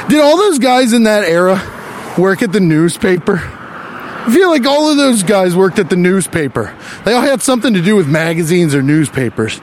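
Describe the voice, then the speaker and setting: A man hosting a podcast, delivering a rambling, profane comedic monologue with quick asides. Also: high-pitched, very animated, a little hiss or hum. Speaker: podcast host.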